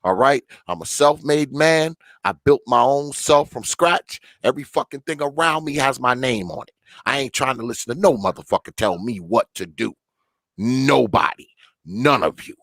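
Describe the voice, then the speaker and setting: A man's voice: mid-range voice, lively intonation, normal speed, fairly bright tone, no room sound. An older man, hosting a debate livestream in a profane, combative, emphatic rant. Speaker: debate show host.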